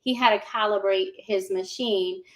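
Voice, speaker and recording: A woman in her forties, a guest in a casual interview, telling her story in an animated way, laughing often and acting out what people said. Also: medium pitch, normal speed. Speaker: guest giving a testimonial.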